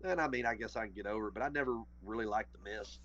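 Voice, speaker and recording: A man's voice: fairly low pitch, rapid-fire, fairly bright tone. A man with a Southern US accent, a podcast guest telling stories in casual chat, rambling and restarting his sentences. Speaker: podcast guest, former wrestler. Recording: muffled lo-fi audio.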